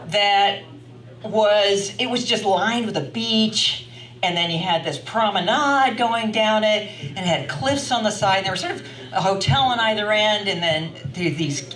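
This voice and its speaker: An older woman telling a story live to an audience at a wine bar, animated and chatty, laughing often as she talks. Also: medium pitch. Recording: roomy sound from a distant mic.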